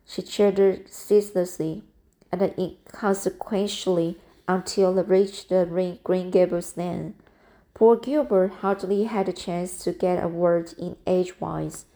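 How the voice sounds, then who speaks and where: Slow, mellow woman reading aloud. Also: lowish voice, steady tone. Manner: halting, with frequent restarts. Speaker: audiobook reader. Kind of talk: amateur audiobook narration.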